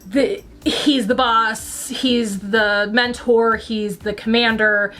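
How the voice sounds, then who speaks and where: A woman's voice: fairly high pitch, fairly even intonation, slow pace, a bit bright, faint music behind. A woman hosting a casual opinion vlog at home, talking in a rambling, chatty way with plenty of fillers and restarts. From United States. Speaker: channel host reviewing a TV franchise.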